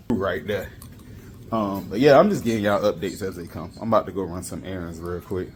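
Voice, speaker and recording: A laid-back man with a very low, deep voice chats through a car update in loose slang, his sentences trailing into fillers. A faint hiss of background noise sits under his phone-recorded voice. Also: fairly quick. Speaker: car vlogger. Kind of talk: casual vlog chat.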